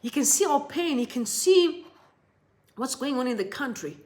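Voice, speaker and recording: A woman's voice: high-pitched, expressive, moderate pace, a little mellow. A woman from Zimbabwe, hosting impassioned political commentary and speaking directly to her viewers with emphatic repetition.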